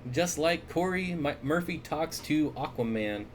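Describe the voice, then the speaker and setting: Relaxed and chuckling, a man livestreams indoors at his fish room or store, reading out viewer comments and fielding aquarium questions with plenty of fillers. He owns an aquarium store and speaks a little high at a measured pace into a desk mic with slight hiss or hum.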